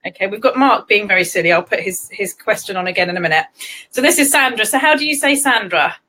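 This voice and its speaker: A woman's voice: mid-range voice, expressive, quick pace, pushed and bright. A woman from England hosting a casual livestream chat, giggling often and chatting in a scattered way. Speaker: livestream host. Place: home livestream.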